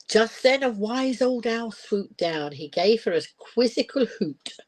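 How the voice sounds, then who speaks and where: A woman's voice: on the high side, lively intonation, a little slow, a little mellow, a little hiss or hum, poor audio. Chatty older grandmother reading aloud. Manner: chatty asides, laughs often. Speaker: storyteller and live streamer. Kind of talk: reading a children's picture book aloud.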